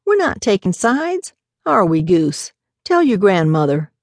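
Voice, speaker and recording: A woman's voice: medium pitch, big pitch swings, unhurried, no echo, clean studio sound. A woman voicing an easygoing, affectionate man who soothes and teases his partner. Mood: soothing. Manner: soothing, playful.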